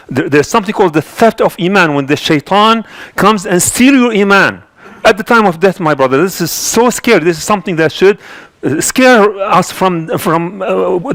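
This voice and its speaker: A man delivering a mosque sermon, his voice sitting a bit higher than most men's. He speaks earnestly, circling back and restarting his phrases as he goes. The sound is dry and close, with no room echo. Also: a bit bright. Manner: earnest, repetitive with frequent restarts and fillers. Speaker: imam giving Friday sermon.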